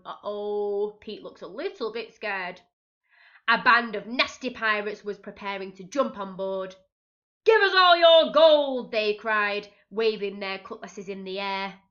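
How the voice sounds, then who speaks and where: Slow, bright-voiced woman teacher reading a story. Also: medium pitch, dull audio. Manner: expressive, gasping, asking children questions. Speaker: reception teacher. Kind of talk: reading a picture book to young children.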